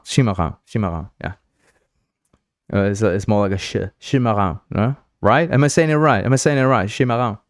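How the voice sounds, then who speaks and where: A young man from Uruguay, hosting a game engine livestream in a rambling, excitable chat full of fillers. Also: fairly low pitch, no room sound, clean studio sound. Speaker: livestream host.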